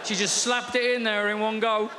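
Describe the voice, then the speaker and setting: A man doing stand-up with a dry, deadpan storytelling manner and a fairly high voice. It rings with long hall reverb, with clear noise underneath. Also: normal speed, over a noisy crowd. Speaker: stand-up comedian. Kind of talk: stand-up comedy.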